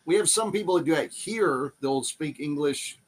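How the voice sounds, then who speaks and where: Sweary podcast host, slightly high. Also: male voice, lively intonation, normal speed. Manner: swearing, laughing, steering topics. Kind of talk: casual chat.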